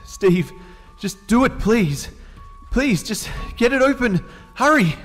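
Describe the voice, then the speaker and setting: A man narrating a horror story voices his younger self as a terrified young man, pleading in frantic shouts to be let out. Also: extremely high pitch, big pitch swings, slow pace, big-room sound, soft background music, voice pushed up, heavily acted.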